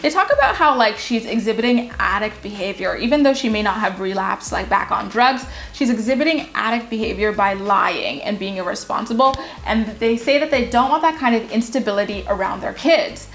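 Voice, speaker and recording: A woman's voice: medium pitch, brisk, hardly any pauses, fairly bright tone, faint music behind. A young woman casually recapping a reality show, candid and gossipy, with lots of filler words.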